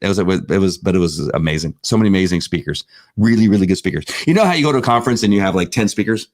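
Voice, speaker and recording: Deep-voiced man telling a story. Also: racing, dry recording, clean studio sound. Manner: animated storyteller with frequent fillers. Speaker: podcast co-host. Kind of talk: casual chat.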